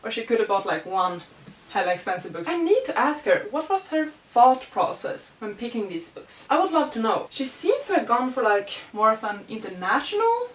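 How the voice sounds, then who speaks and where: Young woman vlogger, gushing and excitable, slightly high voice, recorded from a distance in a reverberant room. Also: normal speed. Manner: gushing, excitable, squeals and laughs. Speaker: book vlogger. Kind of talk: casual book haul chat. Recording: echoey room, mic at a distance.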